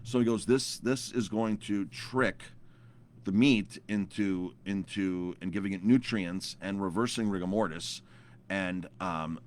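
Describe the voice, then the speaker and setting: A man's voice: deep voice, a little slow. A man in his thirties, a chef, telling a story to camera in a casual, rambling way with lots of repeated words and fillers.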